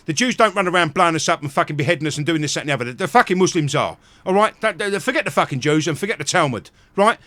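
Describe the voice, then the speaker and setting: A man hosting a live stream, ranting angrily with heavy swearing and bursts of shouting. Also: fairly high pitch, animated, very fast, hardly any pauses, no echo. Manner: angry, profane, shouting in bursts. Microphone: close mic at home.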